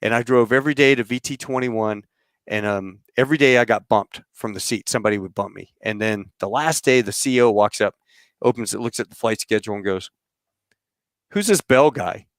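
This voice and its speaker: A middle-aged man hosting a podcast, telling rambling, animated stories about flying and acting out what others said. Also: fairly low pitch, fairly quick, clear, resonant tone, dry recording, clean studio sound. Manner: rambling, animated storyteller who acts out quotes. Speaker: podcast host. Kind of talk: casual storytelling chat.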